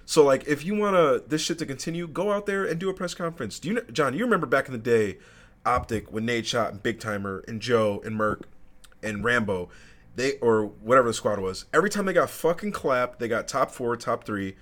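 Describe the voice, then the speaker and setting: A man's voice: mid-range voice, expressive, brisk, a bit bright. A young man co-hosting a gaming podcast, chatting casually and telling stories with plenty of swearing. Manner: casual, profane, storytelling. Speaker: podcast co-host. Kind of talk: casual chat.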